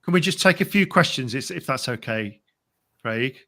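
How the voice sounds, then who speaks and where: Male stream host, mid pitch, gravelly edge, chatty and loose. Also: animated, moderate pace, bright, forceful tone. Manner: chatty, addresses the live chat directly. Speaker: host of a fan channel livestream. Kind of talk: casual live-stream interview.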